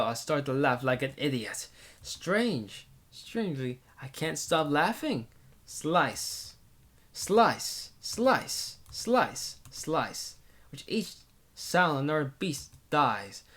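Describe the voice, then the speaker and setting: A man's voice: mid-range voice, a bit bright. A man reading a visual novel aloud in the first person, intense and theatrical, often restarting words.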